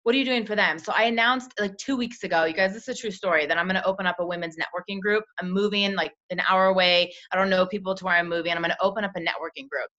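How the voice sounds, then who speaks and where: A young woman, a team leader, coaching sales recruits in a chatty way, acting out quick bits of dialogue. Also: lowish voice, steady tone, a bit bright. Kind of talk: coaching call talk. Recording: dull lo-fi call audio.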